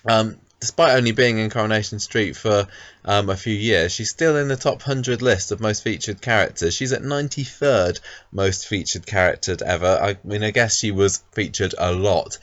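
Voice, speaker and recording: A man's voice: fairly low pitch, steady tone, normal speed, fairly bright tone, dry recording. A man co-hosting a casual podcast, talking about a soap character with lots of ums and restarts. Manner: hesitant, many ums and restarts. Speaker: podcast co-host.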